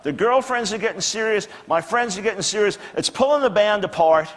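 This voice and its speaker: A man's voice: high-pitched, lively intonation, brisk. A man giving an earnest personal testimony, sometimes stumbling and repeating his words. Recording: reverberant hall.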